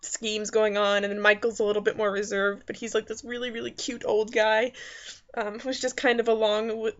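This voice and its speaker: A woman's voice: mid-range voice, level tone, moderate pace, dull audio. A woman giving a casual spoken movie review, rambling with many fillers and restarts. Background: faint background noises.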